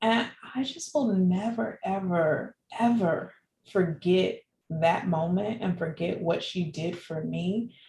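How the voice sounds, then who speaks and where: A woman guest in an interview, telling her personal story in an animated way and laughing often. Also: lowish voice, takes it slowly, gravelly. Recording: echoey room with faint background noise.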